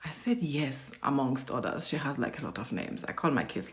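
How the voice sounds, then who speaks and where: A woman's voice: rumbling low, lively intonation, moderate pace. A woman in her thirties telling a parenting story in a blunt, profane, emphatic casual rant. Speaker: parent vlogger.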